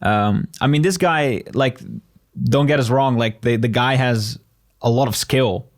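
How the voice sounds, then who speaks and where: A man co-hosting a casual beatbox review chat, relaxed and loose, full of "you know what I mean". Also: mid-range voice, measured pace. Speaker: beatboxer co-host.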